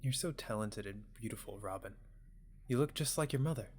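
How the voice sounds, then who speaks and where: A man voicing a gentle, tired father speaking softly and tenderly to his daughter. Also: on the low side, fairly quick, slight background noise, natural voice. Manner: soft, quiet, tender.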